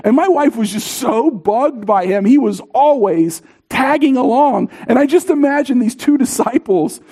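A man in his thirties preaching a sermon as pastor, in a conversational, animated storytelling way. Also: very high-pitched, normal speed, breathy edge.

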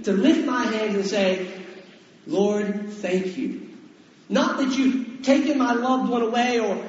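A man preaching a sermon as pastor, talking conversationally and putting questions to the congregation. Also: very high-pitched. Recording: echoey hall, dull sound.

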